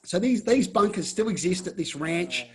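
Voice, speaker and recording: An Australian man, a podcast guest on a video call, telling a story in a lively way and often restarting his phrases. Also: sits high, moderate pace. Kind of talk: casual storytelling.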